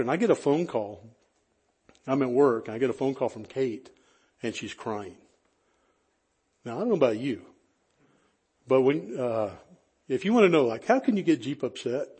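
A man preaching in a relaxed, conversational way, telling a personal story with self-deprecating humor and frequent restarts. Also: medium pitch, moderate pace, pauses often, husky.

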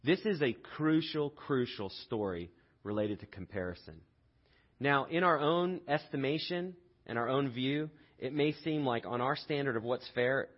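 Husky-voiced man preaching a sermon. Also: mid-range voice, muffled recording. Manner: conversational storytelling, rhetorical questions. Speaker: pastor.

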